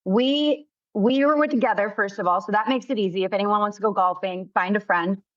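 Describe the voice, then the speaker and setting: A candid, easygoing woman in her thirties chats on a podcast and giggles often. Her voice is mid-pitched, and the recording sounds a little dull and muffled. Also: fairly quick. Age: 30s. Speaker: podcast co-host. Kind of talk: casual chat.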